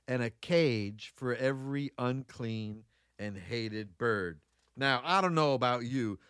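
A man's voice: mid-range voice, no echo. A man preaching a sermon, reading Bible verses and breaking into folksy, conversational asides with exclamations, repeating key phrases for emphasis.

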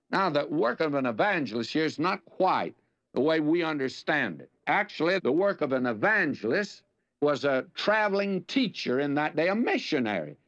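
An older man with a Southern US accent gives a folksy radio Bible lesson, his fairly high voice swooping up and down with lively emphasis. The recording sounds dull and lo-fi, like old radio. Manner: folksy and anecdotal, with dramatic emphasis.

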